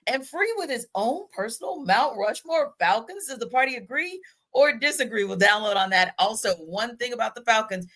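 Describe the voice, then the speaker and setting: A woman hosting a sports talk podcast, upbeat and chatty and quick to laugh. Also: a little high, animated, a bit bright. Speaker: podcast host.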